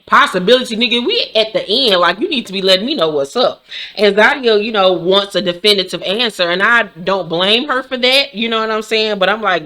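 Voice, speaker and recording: A woman hosts a casual reality-show recap full of profanity, sassy, blunt and animated, breaking into sudden shrieks. Her pitch is medium and she talks fairly quickly.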